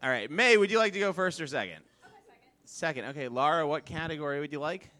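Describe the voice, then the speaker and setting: A man hosting a live comedy debate show, reading out questions in a deliberate, dry manner. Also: a little high, animated, bright, forceful tone. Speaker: host.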